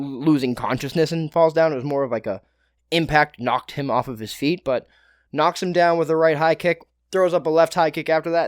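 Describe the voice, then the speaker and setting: A man's voice: a little high, no room sound, clean studio sound. A young man hosting his own podcast, breaking down fights alone in a loose, profane way with joking asides. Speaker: podcast host. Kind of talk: casual solo fight breakdown.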